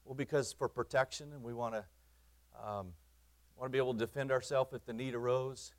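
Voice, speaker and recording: An earnest pastor preaches a sermon in his church, his voice sitting at a middle pitch. He repeats phrases for emphasis and swings between loud appeals and hushed asides. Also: steady tone, brisk.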